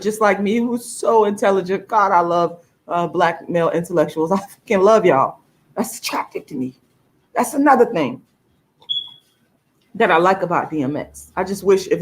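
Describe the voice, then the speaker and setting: A woman vlogger in a casual to-camera monologue, talking emphatically with plenty of swearing and her pitch jumping high for emphasis. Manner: emphatic and profane, with laughs between points.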